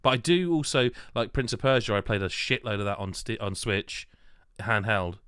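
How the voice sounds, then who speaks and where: British male podcast host, articulate radio-host voice, low register, dry close sound, rambling and self-deprecating. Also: animated, normal speed, a bit bright, smooth, no echo. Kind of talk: casual chat.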